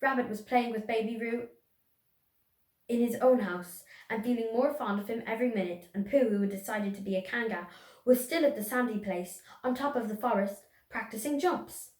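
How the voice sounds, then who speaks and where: A young woman reads a children's storybook aloud in an expressive storytelling way. Her voice sits a little high. The recording has a roomy echo. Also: normal speed. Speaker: storybook reader. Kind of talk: reading aloud a children's book.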